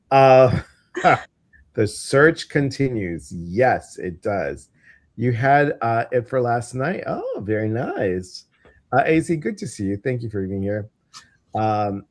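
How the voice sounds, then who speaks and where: Middle aged guy hosting a live stream, chatty and jokey, says hi to folks by name. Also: medium pitch. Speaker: host. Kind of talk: casual live-stream chat.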